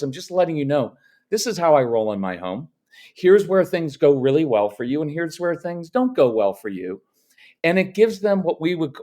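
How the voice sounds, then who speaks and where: A man's voice: a little high, a little mellow. Brief: middle-aged male parenting coach, podcast guest, firm and matter-of-fact, plays out sample dialogue. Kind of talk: podcast interview.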